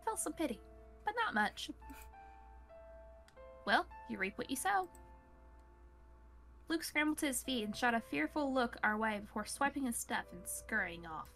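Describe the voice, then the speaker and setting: A woman's voice: fairly high pitch, animated, normal speed, fairly bright tone, soft background music. Playful woman narrating a visual novel. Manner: playful, breaks off to joke and laugh. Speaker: narrator reading the game. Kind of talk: reading a visual novel aloud with friends.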